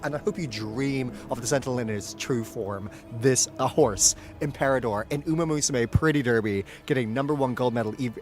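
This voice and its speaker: A man's voice: mid-range voice, fairly quick, hardly any pauses. A man streaming a game playthrough, reacting with dramatic mock outrage and laughter. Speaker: streamer and voice actor. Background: game music.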